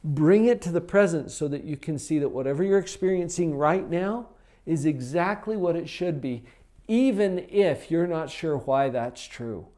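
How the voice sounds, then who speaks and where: A man's voice: a little high, animated, normal speed, mellow. Upbeat man coaching with rhetorical questions. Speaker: personal development coach. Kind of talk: motivational talk to camera.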